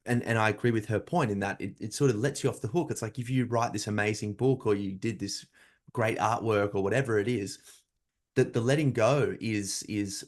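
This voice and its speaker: A man hosts a podcast in a relaxed conversation. His voice sits on the low side, and he reflects aloud in long, loosely built sentences. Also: brisk. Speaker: podcast host. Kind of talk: casual chat.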